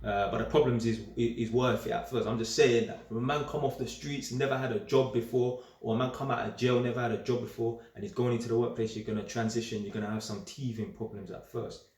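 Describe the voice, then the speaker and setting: A young man speaks in a casual, streetwise monologue full of slang. He is animated and emphatic, with a middle-pitched voice. The sound carries a roomy echo. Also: quick pace. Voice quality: streetwise slang-heavy talk. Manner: animated, emphatic, repeats himself. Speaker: vlogger. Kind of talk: casual straight-talking monologue.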